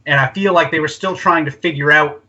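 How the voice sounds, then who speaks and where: A man's voice: on the high side, brisk, bright, forceful tone, lo-fi sound. A man co-hosting a casual podcast chat, sharing rambling, thoughtful opinions. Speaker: podcast co-host.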